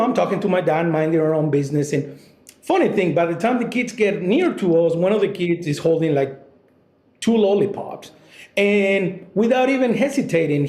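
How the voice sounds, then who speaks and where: A male guest telling a personal story conversationally, often halting and restarting. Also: high-pitched, a little mellow, reverberant.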